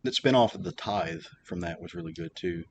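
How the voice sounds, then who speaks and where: A man's voice: sits low, fairly quick, a little hiss or hum. A man hosting a podcast, chatting casually with lots of fillers and restarts. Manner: rambling, many fillers and restarts. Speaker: podcast host. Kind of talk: casual chat.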